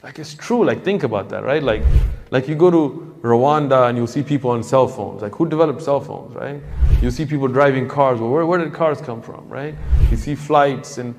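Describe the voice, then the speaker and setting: Gravelly-voiced man preaching. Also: mid-range voice, normal speed, a little hiss or hum. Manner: lively storyteller acting out dialogue. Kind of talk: storytelling sermon. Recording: long hall reverb.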